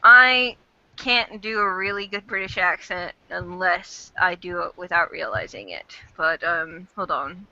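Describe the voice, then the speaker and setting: A woman's voice: on the low side, expressive, measured pace, bright, forceful tone. A woman hosting a casual online fan chat, rambling and chatty with casual swearing, on a dull lo-fi recording.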